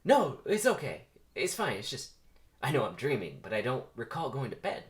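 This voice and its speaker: A man's voice: wildly swooping pitch, moderate pace. A man voicing a flustered young woman who meets a talking bee, in a comedic script reading. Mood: startled. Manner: high, startled put-on voice.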